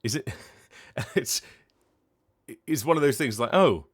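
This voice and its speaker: A man's voice: medium pitch, slow, breathy edge. A man from Britain, a voice actor talking casually on his live stream, rambling along with fillers and restarts. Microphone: streaming mic.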